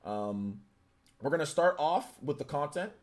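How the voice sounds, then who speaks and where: A man's voice: fairly high pitch, lively intonation, unhurried. A young adult man with a light Northern Californian accent, hosting a live stream and chatting casually through viewer comments with lots of fillers. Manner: rambling, filler-heavy, easygoing. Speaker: livestream host.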